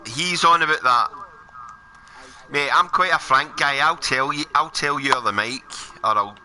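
A man in casual party chat during a game stream, blunt and foul-mouthed in a joking way. His voice is very bright and forward, with a faint background hiss. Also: mid-range voice. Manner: blunt, swears freely, joking. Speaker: gaming livestreamer.

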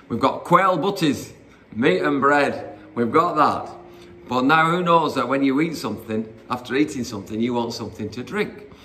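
A man's voice: mid-range voice, lively intonation, normal speed, pushed and bright, a little hiss or hum. A man preaching an informal sermon, conversational and rambling with fillers and asides as he retells Bible stories.

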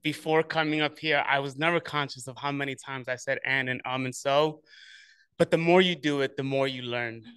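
Smooth-voiced man hosting a meeting. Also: medium pitch, fairly even intonation, normal speed, a bit bright, no echo. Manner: encouraging, conversational. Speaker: meeting host introducing speakers.

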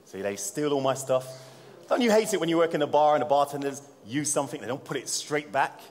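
A man's voice: a little high, expressive, fast talker. Chatty man presenting in a reverberant hall. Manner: jokey, chatty, addresses the audience. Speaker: bartender presenting a seminar. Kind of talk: live cocktail demonstration talk. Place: seminar room at a bar trade show.

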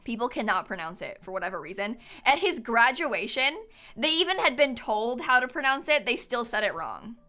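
A woman's voice: fairly high pitch, sing-song, moderate pace, bright, forceful tone. Giggly chatty young woman streamer. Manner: chatty, rambling, giggly, many fillers. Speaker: live streamer. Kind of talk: casual chat with stream viewers. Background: faint music.

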